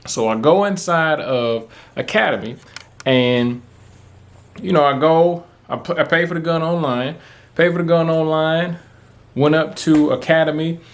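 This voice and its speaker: A man's voice: a little high, unhurried. A man, talking to camera in a casual, rambling, profane way, full of fillers. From Texas. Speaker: vlogger. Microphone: camera mic, talking to camera.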